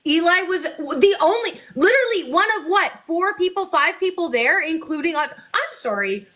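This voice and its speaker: Bright animated woman guest, slangy. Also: very high-pitched, normal speed. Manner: animated reactions, slangy and swearing. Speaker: guest actor. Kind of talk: casual chat.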